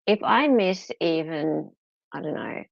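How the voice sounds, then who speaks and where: Aussie lady chatting on a stream, low gravelly voice, kinda dull lo-fi sound, teasing and chatty. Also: animated, slow pace, no room sound. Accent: Australian. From Australia. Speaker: livestream host reading chat. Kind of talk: casual chat.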